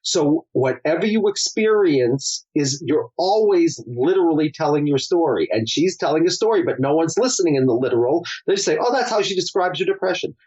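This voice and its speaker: A man's voice: fairly high pitch, a little mellow, lo-fi sound. A middle-aged male psychologist, a guest on an interview, explaining his method through a storytelling client case. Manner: storytelling, acts out client quotes.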